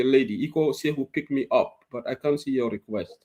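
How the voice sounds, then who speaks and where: A man's voice: mid-range voice, fairly quick, dark tone. A man hosting a current affairs talk show, emphatic and argumentative, slipping into local language. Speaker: host.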